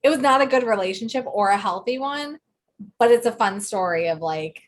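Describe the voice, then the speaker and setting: A woman co-hosting a chatty podcast. Her voice sits a little high, and she tells stories in a lively, animated way. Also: fairly quick. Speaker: podcast co-host. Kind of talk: casual chat.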